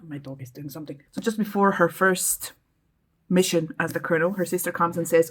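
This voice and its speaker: A woman's voice: fairly low pitch, fairly quick. Chatty, rambling woman book vlogger. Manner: chatty, rambling, with frequent hesitations. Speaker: book vlogger, channel host. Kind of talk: casual book vlog chat.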